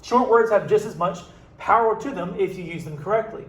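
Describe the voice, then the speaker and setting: Male English teacher, higher voice, reads aloud then breaks it down casually; roomy echo. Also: muffled recording, slight background noise. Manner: reads passages slowly then explains in casual asides. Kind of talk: reading aloud and explaining a text to students.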